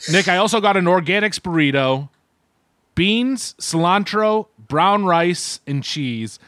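A man's voice: high-pitched, animated, measured pace, fairly bright tone, clean tone, dry recording, studio quality. A man co-hosting a podcast, giving a rambling, meandering casual food review. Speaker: podcast co-host. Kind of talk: casual chat.

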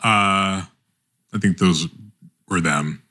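A man co-hosting a podcast, chatting casually about awards season in a rambling, halting way full of restarts. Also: low voice, sharp tone. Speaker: podcast co-host.

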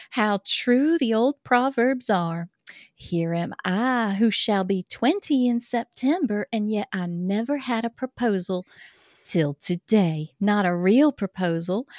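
A woman's voice: mid-range voice, dry recording, clean studio sound. A woman reading aloud as a gushing young woman writing love letters, in a put-on Southern accent with a dramatic, breathless delivery. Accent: American Southern, put on.

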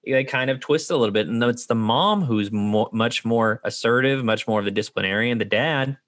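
A man in casual conversation reviewing an animated film, talking animatedly and acting out lines from the characters. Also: mid-range voice, a little fast. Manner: animated, acts out quoted characters. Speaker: podcast co-host. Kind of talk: casual movie review chat.

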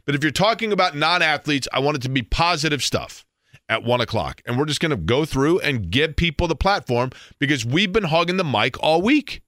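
A man, hosting a sports radio show and telling stories in a casual, animated way. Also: fairly high pitch, a little fast, no room sound, studio quality. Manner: storytelling, animated in quoted bits.

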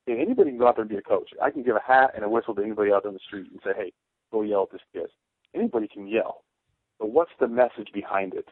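A former football player tells his stories in an animated, restless way, often repeating words as he gets going. His voice is a bit low for a man. It comes through a thin, phone-like line with no room sound. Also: rapid-fire, slightly rough, dry recording. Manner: animated storyteller, repeats words when starting sentences. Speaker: former football fullback guest. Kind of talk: casual podcast chat.

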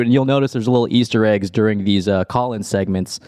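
A podcast host from Los Angeles rambles through a casual chat, chuckling frequently. His lowish, darkish voice moves fast, and the studio-quality recording has no room sound.

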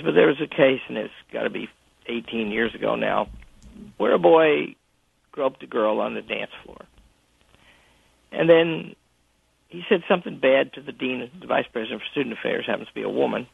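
A man who is a college president, telling a story with halting restarts during a phone interview. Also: mid-range voice, gravelly, husky, dry recording. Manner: anecdotal, halting with frequent restarts. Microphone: telephone. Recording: tinny dry phone line.

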